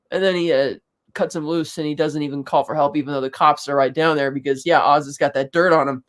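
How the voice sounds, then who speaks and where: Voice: medium pitch, fairly even intonation, fast talker, a bit bright. Rambling, profane podcast co-host. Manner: rambling, profane, acts out quotes; frequent fillers and restarts, chuckles. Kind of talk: casual episode recap.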